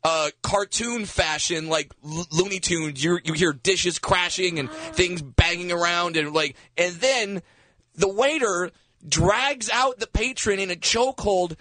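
A man telling a travel story with animated energy in casual conversation. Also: sits high, a little slow, no room sound. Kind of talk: casual chat.

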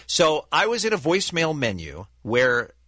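A man co-hosting a radio show in casual chat, an animated storyteller. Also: on the high side, moderate pace, no echo.

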